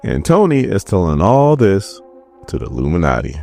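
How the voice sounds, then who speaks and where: A man's voice: low voice, wildly swooping pitch, moderate pace, creaky, a little mellow, soft background music. A man casually recapping a comic book issue, retelling scenes in a chatty, slangy way. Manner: retells scenes conversationally, mimicking characters' lines with slangy asides.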